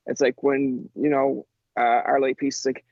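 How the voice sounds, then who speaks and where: A man in his thirties talking casually on a podcast. He tells stories in an animated way, acts out what people said, and fills his speech with "like.". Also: medium pitch, moderate pace, dry recording, muffled recording. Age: 30s. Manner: animated storyteller, acts out quotes, says "like" a lot.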